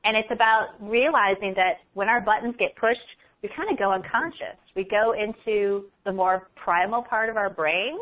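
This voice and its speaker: A woman guest on an ADHD podcast, talking earnestly and acting out quick examples of inner thoughts. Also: mid-range voice. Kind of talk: podcast interview. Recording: tinny phone line.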